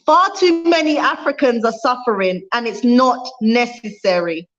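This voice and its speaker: A woman speaks on a livestream in a fiery, preaching way, hammering home each point by saying it again. Her voice sits fairly high. The sound is dull and lo-fi, like a built-in device mic. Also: moderate pace, fairly bright tone. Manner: reads viewer comments aloud. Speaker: vlogger. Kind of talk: impassioned livestream talk.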